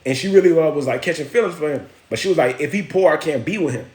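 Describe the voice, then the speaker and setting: Greeting and thanking viewers as he goes, a man hosting a live stream tells a loose, slangy story. His voice is a little high and a little mellow, his pace quick, and the recording has a roomy echo.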